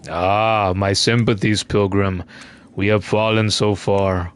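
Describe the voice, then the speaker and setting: A man puts on a sickly old bug who leads a fallen citadel's song, speaking from his bed in a slow, formal and mournful way. The voice sits somewhat low and soft, with measured, grave phrasing. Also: flat delivery, smooth. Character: sickly aged bug conductor, bedridden, solemn. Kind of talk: reading game dialogue aloud.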